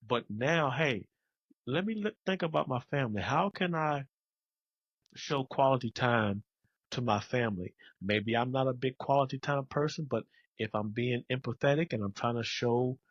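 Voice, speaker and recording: A man's voice: mid-range voice, normal speed, dry recording, lo-fi sound. A man hosting a podcast, talking in an earnest, reflective way and building his points in lists. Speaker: podcast host. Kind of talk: casual podcast conversation.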